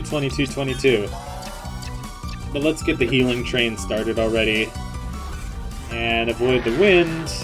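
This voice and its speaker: A man hosting a casual let's play, rambling through gameplay commentary with self-mocking jokes. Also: mid-range voice. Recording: loud game music behind.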